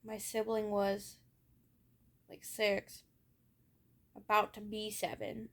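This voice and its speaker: A woman's voice: medium pitch, completely flat delivery, takes it slowly. A young woman talking candidly about her childhood in a personal vlog, rambling a little with frequent fillers. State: has hiccups. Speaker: vlogger. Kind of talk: personal storytelling to camera.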